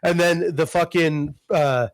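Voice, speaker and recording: A man's voice: a little high, steady tone, slow pace, no room sound. A man co-hosting a podcast, recapping a game plot in a rambling, profane casual chat. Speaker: podcast co-host.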